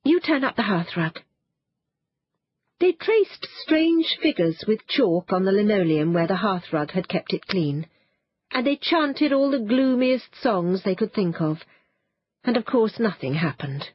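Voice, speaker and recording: A woman narrating a children's storybook in a lively, expressive way. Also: medium pitch, measured pace, slightly rough, dry recording. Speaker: audiobook narrator. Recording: dull, muffled dry studio sound.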